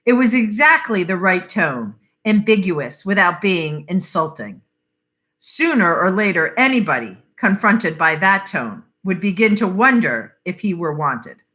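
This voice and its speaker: A woman reading a short story aloud for adult listeners, unhurried and expressive. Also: fairly low pitch. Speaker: reader.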